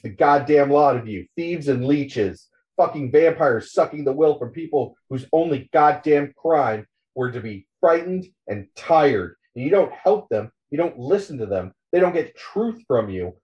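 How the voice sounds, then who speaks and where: A man's voice: fairly high pitch, lively intonation, moderate pace, hardly any pauses, darkish tone, recorded from a distance, dull audio, lightly acted. A man doing Spider, a furious profane journalist. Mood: scathing. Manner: profane, scathing tirade. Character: furious cynical male journalist ranting at a crowd.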